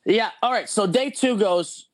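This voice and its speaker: A man's voice: high voice, a little slow, no room sound. A man telling a rambling, profane story in a casual podcast chat. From not from Jersey or Pennsylvania.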